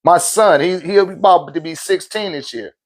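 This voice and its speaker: Male spiritual teacher, 30s, high voice, casual streetwise lecture style. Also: moderate pace. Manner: animated, swings into loud shouted quotes; laughs often, swears, street slang.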